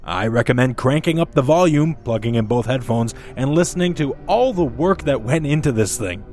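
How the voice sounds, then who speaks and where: A man hosting a casual group podcast, upbeat and animated as he runs a word game with friends. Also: mid-range voice, normal speed, faint music behind. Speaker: podcast host.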